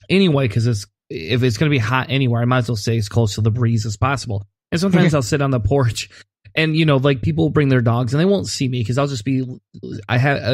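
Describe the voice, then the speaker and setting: Podcast co-host, man, mid-pitched, chatty and easygoing, dry close-mic sound. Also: darkish tone, no echo. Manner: easygoing, chatty, drifting into asides. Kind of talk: casual chat.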